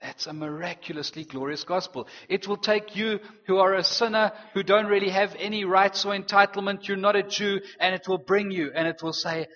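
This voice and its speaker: A man preaching a sermon, earnest and animated, slipping in playful teasing asides. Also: high-pitched, normal speed, hardly any pauses. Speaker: pastor. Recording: dull, reverberant hall sound.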